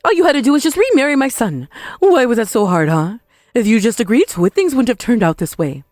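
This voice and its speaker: A woman's voice: a little high, big pitch swings, darkish tone, no room sound, clean studio sound. Woman voicing a shameless blaming mother-in-law. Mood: defiant. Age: older. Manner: defiant, self-pitying, quick to blame. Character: shameless older mother-in-law, blames others. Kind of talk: dramatized story voice acting.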